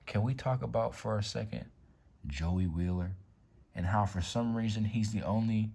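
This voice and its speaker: A man's voice: fairly low pitch, dark tone, slightly rough. A man hosting a casual card-collection vlog at home, talking in a laid-back, slangy way with some swearing, and now and then dropping to a whisper over a card. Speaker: YouTube card-collection host. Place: room at home by a window.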